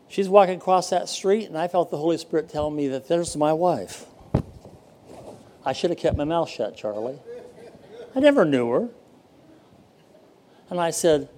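An older male pastor preaches in a folksy, storytelling manner, full of pauses. His voice is a touch high for a man, mellow and warm.

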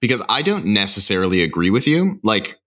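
A man in relaxed podcast conversation, politely disagreeing and hedging as he goes. His voice is very deep but carries a bright, forceful edge. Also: fairly quick. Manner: chatty, laughs easily, hedging with "like". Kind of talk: casual chat.

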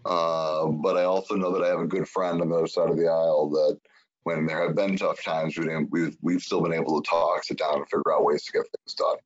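A man's voice: very deep voice, level tone, brisk. A man speaking as a senator guest in an interview, earnest and reflective. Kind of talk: political interview talk. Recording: dull lo-fi sound.

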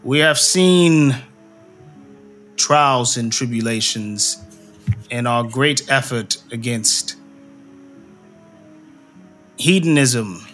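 A man's voice: mid-range voice, extremely slow, long pauses, fairly bright tone, faint music behind. A man voicing a grumpy king who speaks formally and curtly at a royal gathering in a tabletop game. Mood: stately. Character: grumpy aging male king holding court.

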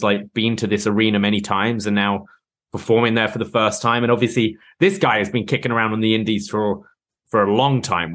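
A British man co-hosting a podcast, chatting about wrestling in a measured, hedging way. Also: lowish voice, fairly bright tone. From Britain. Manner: measured, hedging, self-deprecating. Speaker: podcast co-host. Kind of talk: casual wrestling recap chat.

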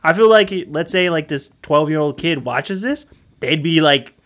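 Animated casual man hosting a podcast. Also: a little high. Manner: animated, swearing, quick asides. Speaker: podcast host. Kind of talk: casual chat.

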